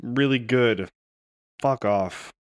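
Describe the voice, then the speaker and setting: A man who writes scripts, chatting casually on a podcast, halting and swearing. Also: medium pitch, clear, resonant tone. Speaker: screenwriter, podcast co-host. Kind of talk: casual chat.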